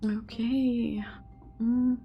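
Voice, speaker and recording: A woman's voice: on the high side, level tone, drawn-out words, muffled recording, soft background music. A woman hosting a gaming channel, giving chatty commentary and whispering the story narration of a visual novel as she reads it aloud.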